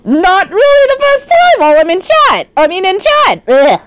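A woman streamer chatting live over a game, excitable and shrieking, her voice often cracking. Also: very high voice, moderate pace. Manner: excitable, shrieking, swearing at chat. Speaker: virtual streamer. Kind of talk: live gaming stream chat.

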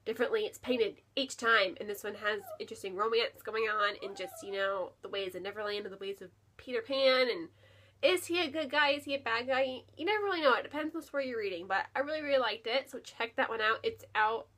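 A book vlogger chats casually and enthusiastically at home near her bookshelf, packing her talk with fillers and repeated words, especially "really." Her voice is fairly high and fairly bright, and she talks fast.

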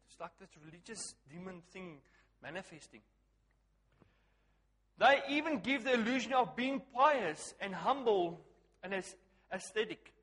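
A man preaching a lively sermon, asking the crowd questions and swinging from hushed to loud. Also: high voice, slightly rough, long reverb tail.

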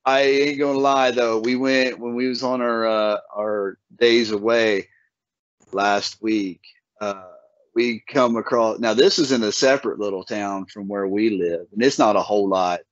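This man hosts a casual podcast, easing through folksy stories and lingering on his words. He speaks at a medium pitch in a steady tone, captured on dull, dry lo-fi audio.

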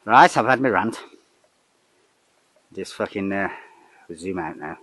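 A man's voice: low-pitched, lively intonation, slow, pauses often, fairly bright tone, dry recording, rough recording. Older man, rambling and swearing constantly. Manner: rambling, swears in nearly every sentence. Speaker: vlogger narrating home renovation. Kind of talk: casual running commentary. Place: outdoors in a garden.

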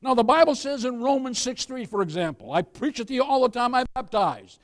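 A man's voice: very high voice, lively intonation, brisk. A man pastor preaching a sermon in church with folksy humor, often putting questions to the congregation.

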